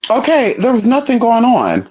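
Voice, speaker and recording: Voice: medium pitch, wildly swooping pitch, normal speed, a little mellow. A vlogger telling a story straight to viewers in casual, profane chat, calling them "y'all" and "girl", with nervous, jumpy asides.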